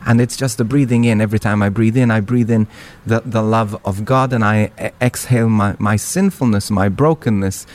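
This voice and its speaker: A man who is a Catholic priest, talking in a panel discussion in a halting, earnest way with many restarts. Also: on the low side, darkish tone. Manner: halting, repeats words, earnest.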